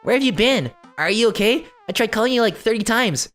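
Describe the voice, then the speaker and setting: A bright, chirpy teenage girl from a dating-sim playthrough, cheerful and upbeat, as a man puts her on. The voice is raised noticeably higher than an everyday one and bounces along, with faint music behind it. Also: sing-song, fast. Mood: cheery. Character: bubbly teenage daughter, upbeat and wholesome.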